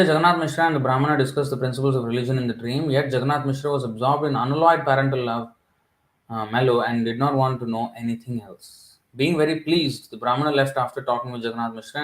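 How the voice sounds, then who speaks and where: A man's voice: mid-range voice, roomy sound, low-quality recording. A man giving a devotional scripture class, reading and explaining in a reflective way, hesitant with many fillers. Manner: reflective, hesitant with many fillers, laughs at his own points.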